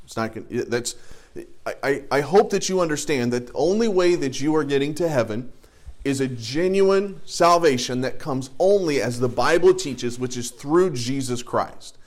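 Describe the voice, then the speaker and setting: A middle-aged man teaching a Bible class, preaching in a conversational way with everyday illustrations. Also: mid-range voice. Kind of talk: sermon.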